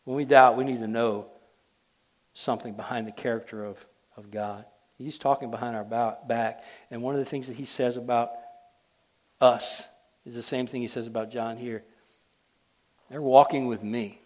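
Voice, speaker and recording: Man preaching, loud then hushed. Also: mid-range voice, fairly even intonation, moderate pace. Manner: emphatic, swings between loud declarations and hushed asides. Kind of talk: sermon.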